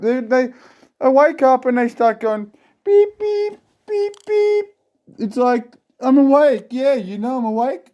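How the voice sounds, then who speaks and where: A man rambling casually to his viewers in a jumpy phone vlog. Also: sits high. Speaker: vlogger.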